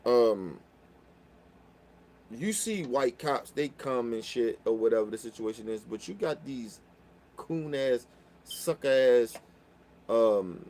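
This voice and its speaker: A young man telling a story in casual chat, profane and animated, getting loud when riled up. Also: mid-range voice, takes it slowly, long pauses. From Baltimore.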